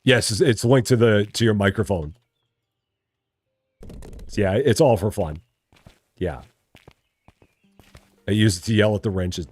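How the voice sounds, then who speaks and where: A husky, darkish, lowish male voice speaks a little slowly with long pauses, faint music in the background. The middle-aged streamer stocks shelves in a store simulator game, talking casually to himself and reading viewers' chat aloud to respond.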